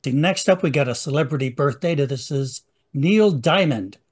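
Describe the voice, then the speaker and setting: A man's voice: fairly high pitch, normal speed, a little hiss or hum. Chatty man hosting a podcast recap. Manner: chatty, joking. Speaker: podcast host. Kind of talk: casual recap chat.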